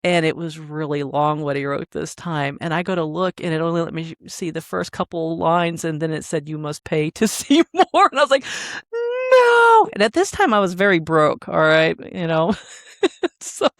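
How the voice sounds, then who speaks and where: Co-host, woman, giggly, animated storyteller, dry close sound. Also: on the low side, dry recording. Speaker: podcast co-host. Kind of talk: casual chat.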